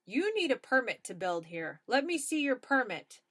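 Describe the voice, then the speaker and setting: A blunt, suspicious policeman from a spoken comic storybook barks short, loud questions, as a woman reader puts him on. The voice sits a touch high. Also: sing-song, normal speed. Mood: stern.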